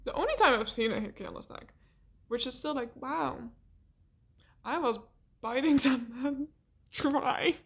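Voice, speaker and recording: A young woman telling a rambling, animated story in a casual vlog, laughing often and swearing. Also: high voice, a little slow, vocal fry, pauses often.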